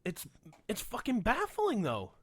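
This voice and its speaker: A man's voice: high voice, unhurried, slightly rough. A man co-hosting a casual podcast, swearing freely and acting out the people in his stories. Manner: profane, animated storyteller acting out quotes. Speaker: podcast co-host.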